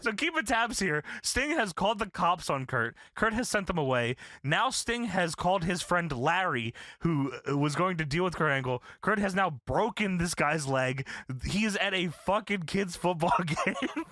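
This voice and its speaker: A man recaps a wrestling segment for his friends in a lively, high voice, laughing and swearing as he goes. His tone is bright and the sound is dry and close. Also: normal speed, no room sound. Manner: animated, laughing often, swears, acts out quotes. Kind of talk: casual storytelling chat.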